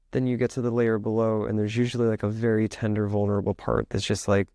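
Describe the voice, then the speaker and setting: A man's voice: mid-range voice, fairly even intonation, fairly quick, darkish tone, no echo, studio quality. A man speaking as a podcast guest in a casual, rambling way, filling his talk with "like" and acting out the thoughts he describes. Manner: rambling, heavy use of "like", acts out inner thoughts. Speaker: podcast guest, author and musician.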